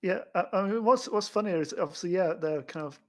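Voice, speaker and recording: A man on a film podcast chatting and agreeing, talking fast and repeating words as he thinks. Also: high voice, a little mellow. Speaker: podcast co-host. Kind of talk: casual film discussion.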